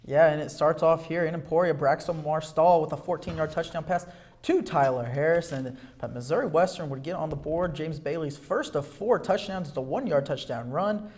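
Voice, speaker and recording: A young man co-hosting a sports show, narrating football highlights with energy and quick self-corrections. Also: darkish tone. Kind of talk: highlight play-by-play commentary.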